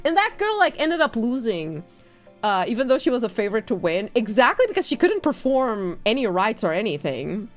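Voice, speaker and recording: A woman streamer retelling a story in casual chat, animated, swearing freely and laughing often. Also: high-pitched, normal speed, faint music behind. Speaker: VTuber streamer.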